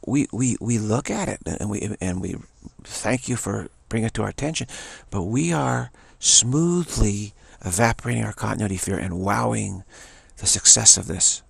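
A man giving a rambling spiritual talk, digressive and halting, restarting his sentences often. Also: lowish voice, creaky, husky, no room sound. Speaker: spiritual teacher. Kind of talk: rambling spoken monologue.

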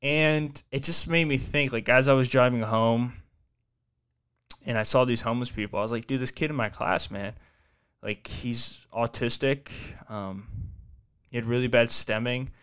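A man's voice: mid-range voice, fairly even intonation, moderate pace, fairly bright tone, clear, resonant tone. A young man hosting a podcast, telling a long story in a rambling, profane way, full of fillers and restarts. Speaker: podcast host. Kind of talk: casual storytelling chat.

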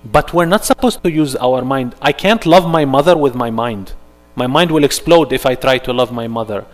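A man teaching an interactive religious workshop, animated and firing rhetorical questions at his audience. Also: mid-range voice, moderate pace, big-room sound.

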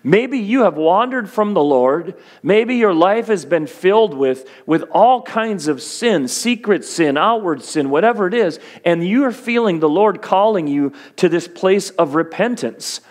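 A man preaching to his church as its pastor, his voice sitting a little higher than most men's. He speaks earnestly and encouragingly, and slips in plain, humorous asides to his listeners. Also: lively intonation, a little slow. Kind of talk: sermon.

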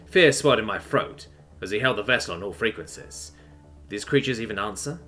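A man's voice: on the low side, animated, fairly quick, sharp tone, soft background music. A man narrating a sci-fi story in a tense, dramatic reading.

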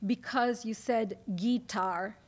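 A woman's voice: fairly high pitch, steady tone, slow pace. A woman voicing an eager, earnest teenage English boy. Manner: earnest, enthusiastic.

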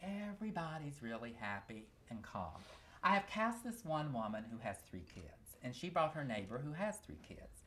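Animated man telling a comic story. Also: medium pitch, normal speed. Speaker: author reading his memoir. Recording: noisy live recording.

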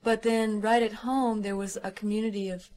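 A young American woman musician, a guest in an interview, reminiscing in a rambling, halting way with frequent laughs. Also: mid-range voice, level tone, darkish tone. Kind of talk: casual reminiscing conversation.

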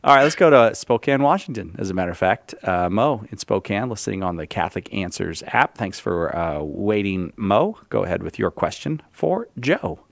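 A man's voice: lowish voice, expressive, normal speed, vocal fry, few pauses, no room sound. A man hosting a call-in radio show, reading listener questions and joking with his guest, laughing often. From United States. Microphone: studio microphone.

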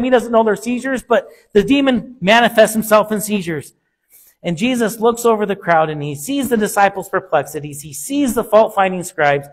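A man's voice: high-pitched, moderate pace. A male pastor preaching a sermon with an emphatic, repetitive cadence.

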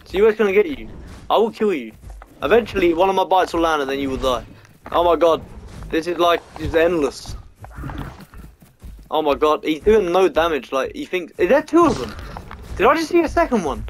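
A man giving let's-play game commentary, swearing a lot and swinging between frustration and excitement. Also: on the high side, normal speed, long pauses, a little hiss or hum. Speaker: gamer.

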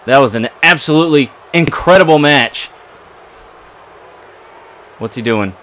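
A man commentating his own wrestling video game play, excitable and trash-talking his opponent. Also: a little high, a little slow, long pauses. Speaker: gaming commentator.

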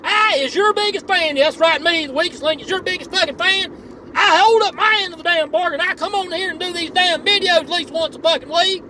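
A man voicing a loud, foul-mouthed, hot-tempered male superfan in a comedic rant video, drawling and cursing in a Southern US accent. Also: very high voice, a little fast, a little hiss or hum, pitched above the performer's own voice, exaggerated voice.

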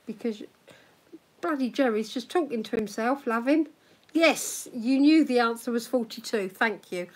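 A woman's voice: a little high, animated, moderate pace, a little mellow. A woman from England, teasing playfully while co-hosting a casual livestream chat. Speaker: livestream co-host.

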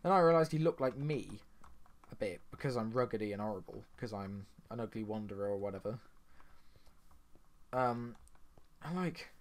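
A man's voice: on the low side, lively intonation, normal speed, pauses often. A young man casually commenting on his own game as he plays, chatty and rambling, with sudden surprised outbursts. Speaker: gaming channel host. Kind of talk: casual let's-play commentary.

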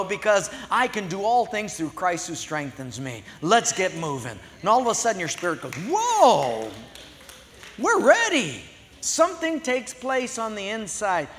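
A middle-aged male pastor giving a sermon in a large church, animated and conversational. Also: sits high. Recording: long echo of a big hall.

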